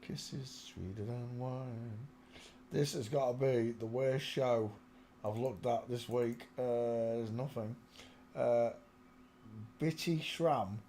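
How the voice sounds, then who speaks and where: A man's voice: mid-range voice, slow, mellow, slight background noise. A man hosting his own channel. He gives casual commentary while browsing photos, muttering to himself and half-singing between remarks into a small desk microphone. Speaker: channel host. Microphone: small desk microphone close in front.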